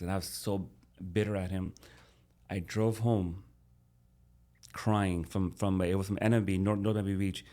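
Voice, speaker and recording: Low-voiced man telling his story, bro-style. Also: moderate pace. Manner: animated, addresses host as "bro". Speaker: podcast guest. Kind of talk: casual storytelling.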